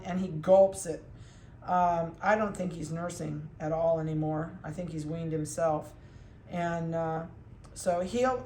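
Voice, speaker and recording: A woman's voice: on the low side, darkish tone, reverberant, slight background noise. A woman dog breeder talking casually through a video update, chatty and cooing to the puppies.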